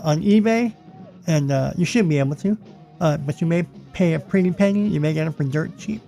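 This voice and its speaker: Male vlog host, casual and rambling, gravelly tone, soft music bed under him. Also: fairly high pitch. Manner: chatty, rambling, repeats himself. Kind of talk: casual magazine flip-through.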